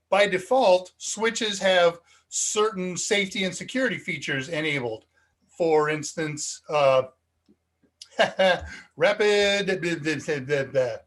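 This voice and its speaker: An American man hosts a live tech question-and-answer stream with a rambling, chatty delivery full of ums and asides. His voice sits a little high for a man. He talks into a cheap USB microphone. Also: slow pace, fairly bright tone. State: slightly dizzy and foggy. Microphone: cheap USB desk microphone.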